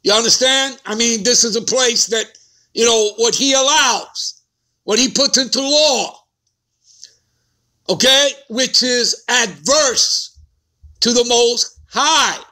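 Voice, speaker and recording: A man's voice: very high-pitched, takes it slowly, sharp tone. A man teaching scripture in a sermon, speaking emphatically and checking in with his listeners again and again. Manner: emphatic, keeps asking "all right?" and "okay?". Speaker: preacher.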